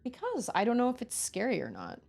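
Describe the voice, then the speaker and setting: A woman's voice: fairly high pitch, wildly swooping pitch, a little fast, creaky, darkish tone. A woman streaming a game from home, chatting casually and yelping in surprise at the game. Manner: chatty, with sudden yelps of surprise. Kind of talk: casual gaming chat.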